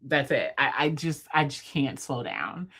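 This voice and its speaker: A woman in her thirties hosting a livestream, chatting casually with viewers, fast-talking and playful. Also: rumbling low, big pitch swings, fairly bright tone, husky. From United States. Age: 30s. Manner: talks fast, chatty and playful, laughs often. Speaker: livestream host. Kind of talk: casual live chat with viewers. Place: at home, in bed.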